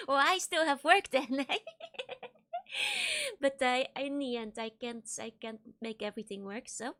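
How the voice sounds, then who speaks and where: A woman's voice: high voice, sing-song, slow pace, pauses often, a bit bright. A young woman streaming, chatting casually with viewers, giggling often and repeating her greetings.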